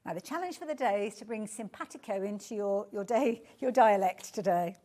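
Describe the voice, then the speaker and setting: A warm, mid-range female voice with lively intonation moves along briskly. As a shopping channel host selling fabrics live in the studio, she chats and gushes, praising each design and leaning heavily on the word beautiful.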